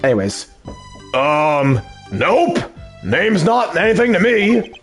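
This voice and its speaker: A man chatting casually during a game dub, excited and joking. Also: high-pitched, slow, soft background music. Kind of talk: casual gaming chat.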